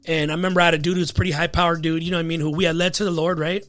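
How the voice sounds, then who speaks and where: A man's voice: a little high, little pitch movement, racing, a bit bright, faint music behind. A man as a podcast guest, telling a personal story in a loose, casual way, full of fillers like "you know what I mean.". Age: adult with a wife and child.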